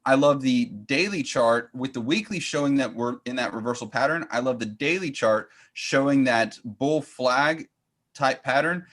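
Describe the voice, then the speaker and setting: A man coaching trades, calmly walking through a chart step by step in casual chat. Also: medium pitch, normal speed. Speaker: trading coach.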